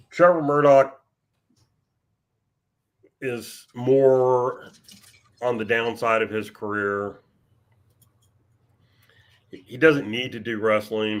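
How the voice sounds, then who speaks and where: A man co-hosting a podcast in casual chat, talking in a measured, wry and dryly sarcastic way. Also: lowish voice. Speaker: podcast co-host.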